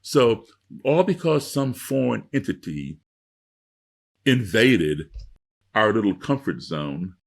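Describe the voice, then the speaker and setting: Middle-aged male guest, raspy and gravelly, lively pitch, emphatic lecturing storyteller. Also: slow, long pauses. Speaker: guest speaker. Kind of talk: storytelling interview.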